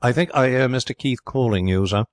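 A man's voice: mid-range voice, a little fast, no echo, pitched above the performer's own voice, natural voice. A man voicing a respectful, unflappable manservant who speaks politely and deferentially.

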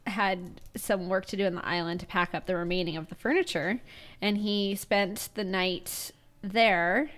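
A woman co-hosting a podcast, telling stories in casual chat and laughing often. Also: lowish voice. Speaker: podcast co-host.

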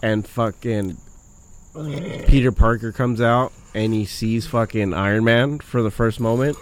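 A man telling stories in a casual, profane chat, getting excited and swearing constantly. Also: lowish voice, a little slow, slight background noise.

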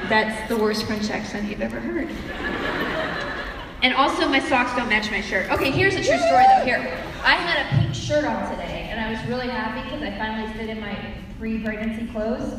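A woman's voice: a little high, very animated, brisk. Bubbly woman on a roomy convention stage. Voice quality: bubbly, self-deprecating, rambling. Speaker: convention panel guest. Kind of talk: casual chat with a live audience. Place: large convention hall. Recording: roomy hall mic from a distance with crowd. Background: audience crowd noise.

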